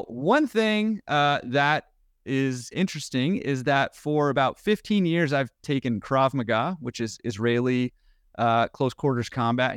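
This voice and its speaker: Guy telling a wild story on a podcast, mid-pitch voice, dry close sound. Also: no room sound. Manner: energetic, quick-paced storytelling. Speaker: laundromat owner guest. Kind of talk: storytelling anecdote in a podcast interview.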